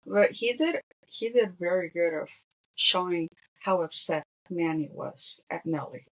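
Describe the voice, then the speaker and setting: A woman's voice: lowish voice, expressive, measured pace, low-quality recording. A woman co-hosting a casual movie podcast with her husband, chatty and explaining details. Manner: chatty, explains and translates lines. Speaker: podcast co-host.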